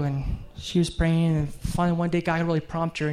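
A man's voice: fairly high pitch, steady tone, fairly quick, hardly any pauses, a little mellow. Earnest middle-aged male preacher. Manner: earnest, heartfelt storytelling. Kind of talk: sermon with storytelling and prayer.

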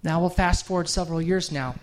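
A man's voice: on the high side, fast. Earnest middle-aged male preacher. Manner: earnest, heartfelt storytelling. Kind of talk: sermon with storytelling and prayer.

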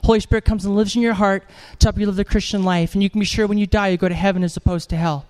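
A man preaching an animated sermon in church, telling a story with jokes and acted-out voices. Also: sits high, racing, clear, resonant tone. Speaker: evangelist preacher.

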